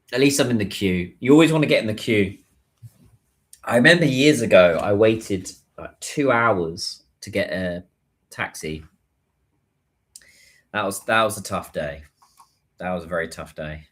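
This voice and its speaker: Low-pitched and unhurried, this man leaves long pauses as he talks. He's on a casual livestream while stuck in a taxi queue, thinking out loud and replying to comments from viewers.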